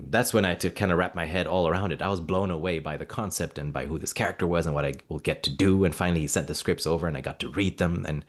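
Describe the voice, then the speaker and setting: A man from Mauritania, an actor and guest, telling animated anecdotes in a casual interview and acting out quoted dialogue. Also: low voice.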